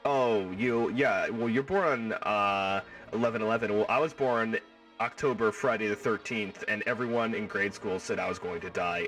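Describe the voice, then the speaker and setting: A man hosting a livestream, chatting casually with his viewers in an excitable, rambling way and riffing on the same joke over and over, his voice stuffed up and hoarse. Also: fairly low pitch, moderate pace, recorded from a distance, faint music behind. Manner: excitable, rambling, riffs and repeats himself. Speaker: livestream host. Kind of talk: casual chat with live viewers.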